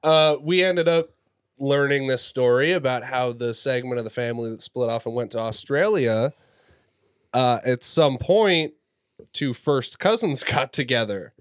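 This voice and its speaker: A young man co-hosting a casual family podcast, joking and quick to laugh. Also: mid-range voice, clear, resonant tone, no echo, studio quality. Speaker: podcast co-host.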